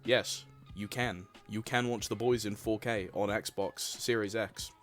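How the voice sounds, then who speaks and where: A man's voice: lowish voice, steady tone, a little slow, soft background music. A young man hosting a reaction video, blunt and sarcastic, swearing often. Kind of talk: reaction commentary.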